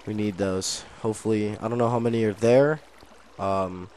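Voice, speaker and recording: A young man commentating his own game as a gaming channel host, nervous and excitable, muttering quietly, then bursting into loud exclamations. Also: lowish voice, moderate pace, a little hiss or hum. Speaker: gaming YouTuber. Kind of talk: let's play commentary.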